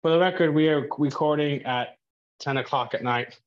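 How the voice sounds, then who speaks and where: A man co-hosting a casual podcast chat, excitable and joking, jumping in often with wrestling talk. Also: on the high side, moderate pace, dull audio. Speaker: podcast co-host.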